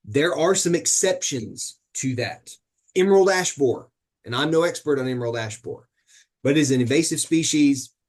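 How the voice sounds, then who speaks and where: A man teaching an online gardening webinar in a conversational, teasing way, often asking his audience questions. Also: mid-range voice. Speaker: horticulture educator.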